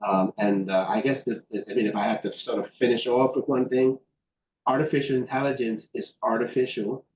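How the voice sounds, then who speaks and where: A man's voice: mid-range voice, fairly even intonation, a little fast, a little mellow. A man giving interview answers on a video call, thoughtful, with many fillers and restarts. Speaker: guest expert. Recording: roomy, dull sound with faint background noise.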